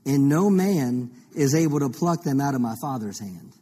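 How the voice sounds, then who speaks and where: A man's voice: mid-range voice, expressive, normal speed, mellow, breathy edge. A man preaching a teaching sermon as pastor, reading scripture and posing rhetorical questions to the congregation. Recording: long reverb of a large hall.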